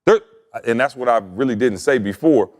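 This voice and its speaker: Animated, teasing man in casual banter. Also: mid-range voice, moderate pace. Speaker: podcast host.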